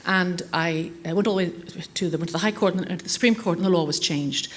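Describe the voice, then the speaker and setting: Woman, middle-aged, brisk conference speaker, anecdotal and self-mocking. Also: on the low side. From Ireland. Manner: chatty, anecdotal, self-deprecating humor. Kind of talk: conference talk. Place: conference hall.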